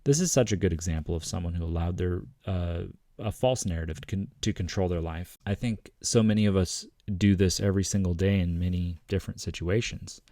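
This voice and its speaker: Low mellow guy reading a self-help book out loud, calm and earnest, dry close sound. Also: a little fast, dry recording. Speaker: self-help channel host.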